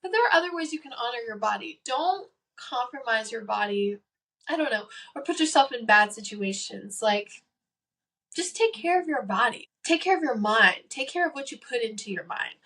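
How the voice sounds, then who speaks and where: A woman's voice: on the high side, expressive, moderate pace, a bit bright. Earnest teen girl, slightly distant mic. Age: late teens. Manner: earnest, emphatic, repeats key phrases. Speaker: podcast host. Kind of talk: faith-based advice podcast.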